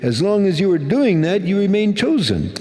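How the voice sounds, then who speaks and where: A man's voice: sits high, big pitch swings, normal speed, mellow. A male Islamic preacher giving a sermon in a conversational way, asking his listeners questions. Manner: conversational, asks the audience questions. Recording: long hall reverb.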